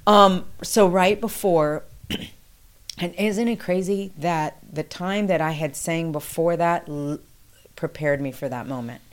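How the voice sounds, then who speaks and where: Interview guest, woman, lower-pitched, tells stories with lively acted-out quotes. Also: takes it slowly. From New York City. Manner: animated, acts out quoted dialogue with rising pitch. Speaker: guest recounting past experience. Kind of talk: conversational storytelling.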